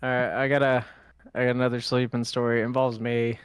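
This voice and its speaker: Talking a little fast in a clean, mid-range voice, a young man co-hosts a podcast and tells funny stories casually. He's an animated storyteller who acts out quotes and swears freely, in a dry, studio-quality recording.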